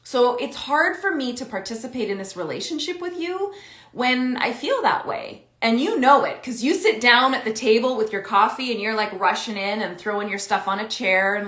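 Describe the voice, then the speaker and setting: Lady parenting coach, kinda high voice, animated, plays both sides of a convo, echoey room. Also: moderate pace. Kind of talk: casual teaching talk to camera.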